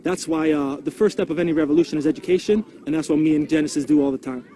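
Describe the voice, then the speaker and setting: A man's voice: a little high, steady tone, rapid-fire, dark tone, a little hiss or hum. A male activist in a documentary interview, talking earnestly and urging listeners to take action. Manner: earnest, rallying, motivational. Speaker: street activist and father.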